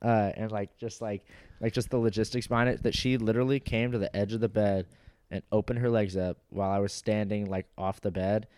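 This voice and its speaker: A man's voice: fairly low pitch, fairly even intonation, a little fast, a little mellow, clean tone, no room sound, studio quality. Rambling young man, lots of "like". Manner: rambling, heavy on "like" fillers, laughs a lot. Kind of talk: crude casual chat.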